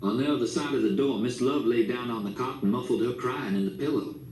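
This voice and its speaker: A man's voice: mid-range voice, brisk, a little mellow. A man reading an audiobook, telling the story plainly. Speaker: audiobook narrator. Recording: echoey room, distant mic, faint hiss.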